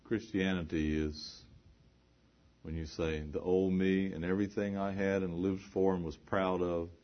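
A man with a very low voice preaches a sermon, pressing his points through repetition and rhetorical questions. The recording is dull and lo-fi, with the top end muffled. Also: flat delivery, a little slow.

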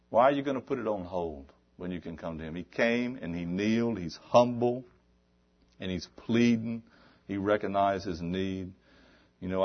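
A man preaching a sermon, shifting between quiet talk and loud, exhorting passages. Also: low-pitched, muffled recording.

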